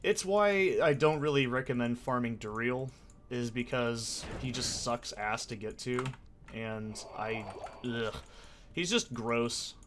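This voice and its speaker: A man's voice: mid-range voice, slow pace, noisy background. A young man ranting and swearing through casual commentary on his gameplay, with sarcastic asides. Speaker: let's play host.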